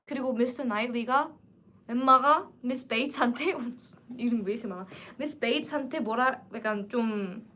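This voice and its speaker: A woman in her twenties hosting a casual livestream book chat, animated and emphatic. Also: a little high, rapid-fire. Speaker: livestream host.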